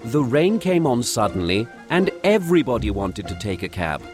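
A man plays a put-upon young gentleman in this storybook, voice a touch lifted and lively. He sounds weary and apologetic, with faint music underneath. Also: medium pitch, moderate pace, natural voice.

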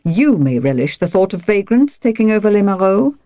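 A woman voicing a stiff, pompous male priest who speaks with cold, sharp dignity. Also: mid-range voice, animated, brisk, no room sound, lo-fi sound, voice pushed up, lightly acted. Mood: stern.

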